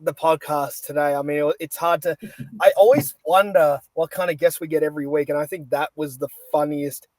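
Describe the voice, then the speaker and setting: A man's voice: on the high side, fairly even intonation, fairly quick, darkish tone, no room sound. A man hosting a casual podcast, enthusiastic and laughing readily. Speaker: podcast host. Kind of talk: casual chat.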